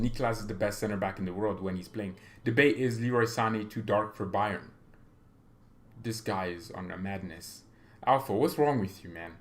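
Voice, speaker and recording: A man's voice: mid-range voice, fairly bright tone. A young man hosting a livestream for a fan channel, chatting casually and reading out viewer comments, with frequent stammers and laughs. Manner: rambling, stammering, laughs often, reads chat aloud.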